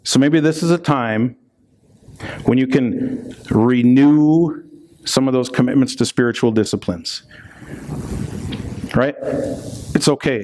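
A man's voice: medium pitch, darkish tone. A man preaching a sermon as a pastor in a conversational way, reading scripture and joking between passages, often checking in with "right?".

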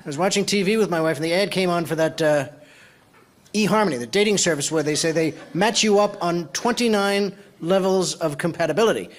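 A man doing deliberate, deadpan stand-up comedy about marriage. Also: sits high. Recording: loud crowd and room noise.

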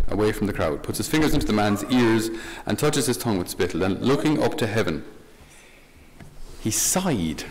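A man, a Catholic priest, giving a conversational homily with light humor and questions to the listener. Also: fairly low pitch. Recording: long hall reverb.

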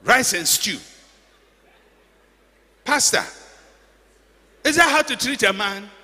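A man's voice: sits high, big pitch swings, slow pace, pushed and bright, voice pushed up, exaggerated voice. A man voicing an indignant hungry husband who is complaining about his dinner, with aggrieved, incredulous pleading. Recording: echoey church hall.

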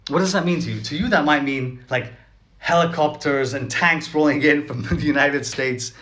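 A man's somewhat high voice, delivering casual vlog commentary. He talks with a sarcastic, chatty edge, peppering his points with "like" and "right?" and laughing often between them. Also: normal speed, fairly bright tone. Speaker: vlogger. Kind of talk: casual direct-to-camera commentary.

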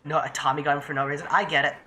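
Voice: mid-range voice, level tone, racing, bright, forceful tone, a little hiss or hum. A young adult streamer giving casual, profane commentary while playing a game live and chatting to viewers. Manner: chatty, profane, talks to self and chat.

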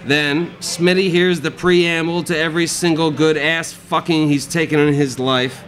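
A man reading his own dark comic prose aloud at a live cafe reading, with a dry, sardonic delivery. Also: fairly high pitch, steady tone, unhurried, hardly any pauses, a little hiss or hum, rough recording.

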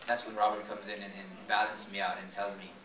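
A man's voice: lowish voice, little pitch movement, fast, crowd noise. A man, a professional boxer, talking earnestly in a post-fight interview, often restarting his sentences. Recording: roomy and noisy from far off.

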